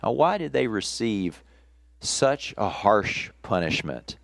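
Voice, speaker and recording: A male pastor delivers a sermon at an unhurried, measured pace, pausing between phrases. His voice sits low, and the sound is dry and close, with little room echo. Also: sing-song, gravelly. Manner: slow, deliberate preaching with pauses. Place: church, streamed service.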